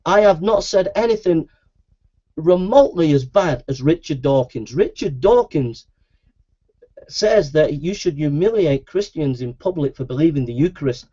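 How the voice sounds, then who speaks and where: Aggrieved preacher on a lo-fi webcam. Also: male voice, fairly high pitch, animated, normal speed, dark tone, husky. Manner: aggrieved, repetitive, insistent. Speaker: Christian preacher and video maker. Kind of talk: heated webcam monologue. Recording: dull lo-fi webcam audio.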